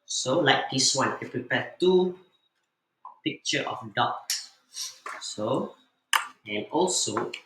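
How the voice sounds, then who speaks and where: A man, a teacher slowly showing parents a spelling activity and sounding out letters one by one. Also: medium pitch, animated. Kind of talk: instructional demo for parents. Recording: echoey room with loud background noise.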